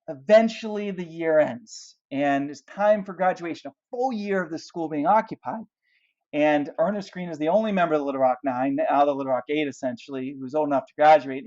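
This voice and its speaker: Man giving a lively history lecture. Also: a little high, highs cut off. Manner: explanatory, asks rhetorical questions, points to pictures. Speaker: history teacher.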